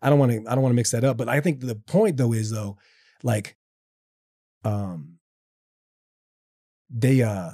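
A man's voice: mid-range voice, a little slow, pauses often, warm tone, dry recording, studio quality. A man talking earnestly about his faith in a casual conversation, rambling with many restarts and fillers. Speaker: guest speaking about faith.

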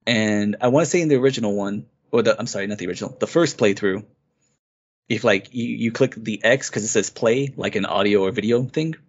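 On a dull, lo-fi podcast recording, a male co-host with a voice on the low side talks a little fast. He casually and eagerly recounts a game's story in a rambling game-review chat.

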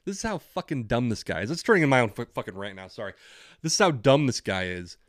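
Fast-talking profane young man ranting. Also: medium pitch, sing-song, no echo, studio quality. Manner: profane, ranting, acts out both sides of dialogue. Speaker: podcast co-host. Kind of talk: casual storytelling chat.

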